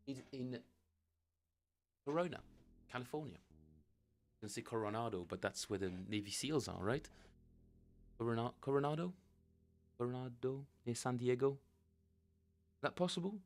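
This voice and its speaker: A middle-aged man, a bassist, chatting casually to viewers on his live practice stream, rambling and correcting himself as he goes. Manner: rambling and self-correcting, chuckling often.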